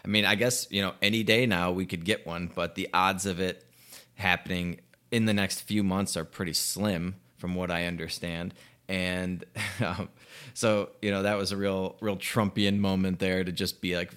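A young man with a somewhat low voice rants about politics, swearing freely. He sounds sarcastic and exasperated, with short laughs breaking into his sentences. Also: flat delivery, normal speed, a bit bright, smooth. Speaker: political commentator. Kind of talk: casual political rant.

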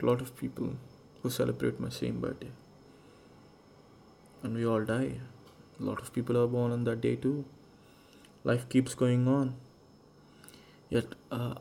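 Gravelly rambling man. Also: mid-range voice, mellow, a little hiss or hum. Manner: rambling, musing and swearing freely. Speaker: podcast host. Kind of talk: casual solo podcast monologue.

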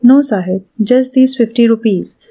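Brief: a woman reading a hesitant, pleading father in a story, mellow and soft. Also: a little high, normal speed, breathy edge. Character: frightened poor adult father on the run.

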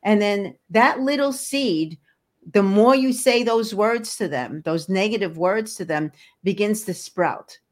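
A woman's voice: medium pitch, animated, a little slow. An older woman guest, an energy healer, talking earnestly in an interview and often repeating words as she searches for them. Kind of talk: casual interview talk.

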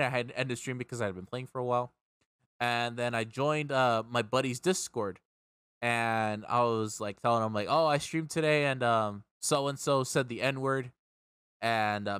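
A man's voice: mid-range voice, fairly quick, fairly bright tone, clean tone, no echo, studio quality. A young man hosting a casual chat, telling a long story in a rambling, profane way that repeats words as he gets worked up. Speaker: streamer and podcast host.

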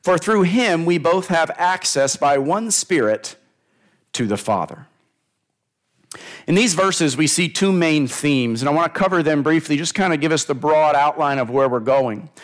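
A male pastor preaching a sermon, deliberate and emphatic, repeating key phrases and putting questions to the congregation. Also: on the high side, animated.

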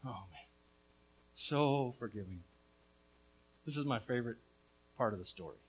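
A man preaching a sermon as a pastor, earnest with casual asides, his voice swinging between hushed and loud. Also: mid-range voice, expressive, moderate pace, pauses often, a little hiss or hum, rough recording.

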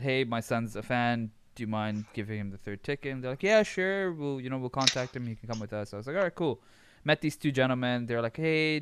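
A man's voice: mid-range voice, smooth. A young man from Abu Dhabi telling a story in casual chat, swearing freely and often laughing as he talks. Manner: animated, swearing, laughs while telling stories.

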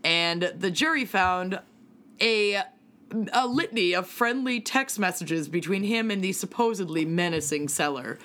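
A woman's voice: on the low side, unhurried, a bit bright. A woman co-hosting a podcast, telling a crime story in a casual way, swearing freely and adding her own asides. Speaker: podcast co-host telling a case.

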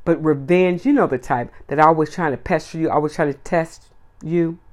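A woman's voice: deep voice, moderate pace, darkish tone. A woman hosts her own solo podcast and speaks her mind in a blunt, emphatic way. She hammers home her points by stringing repeated words one after another. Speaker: podcast host. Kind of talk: solo opinion podcast monologue.

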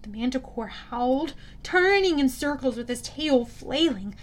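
Woman, audiobook narration, high voice, steady, self-correcting. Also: measured pace.

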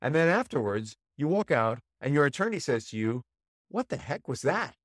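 Man podcast host, animated storytelling coach. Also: moderate pace, dry recording, clean studio sound. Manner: storytelling, acts out inner voices with rising pitch; drops to a low quiet voice for calm moments. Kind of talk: coaching monologue.

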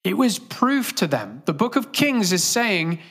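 A man's voice: high voice, big pitch swings, measured pace, fairly bright tone, breathy edge. A male pastor delivering a sermon earnestly, engaging the congregation with direct questions.

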